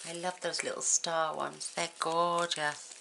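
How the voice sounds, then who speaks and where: Woman craft host, low gravelly voice, unhurried and effusive, noisy room with paper crinkling behind. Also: flat delivery. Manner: gushing, effusive exclamations. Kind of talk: casual unboxing chat.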